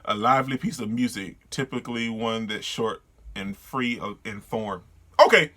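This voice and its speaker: A man doing a casual readthrough of a manga, reacting excitedly, laughing and stumbling over names. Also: fairly low pitch, moderate pace. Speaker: manga reader and reviewer.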